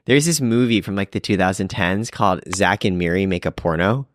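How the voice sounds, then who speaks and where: A young man co-hosting a podcast, chatting casually as a playful, animated storyteller. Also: low voice, brisk, slight background noise. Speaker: podcast co-host. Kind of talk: casual chat.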